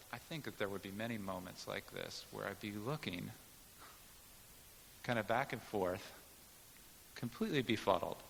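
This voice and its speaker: A man's voice: lowish voice, gravelly, fairly bright tone, long reverb tail, a little hiss or hum. A man preaching a sermon, teaching in an emphatic way and explaining Greek words to the congregation. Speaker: pastor.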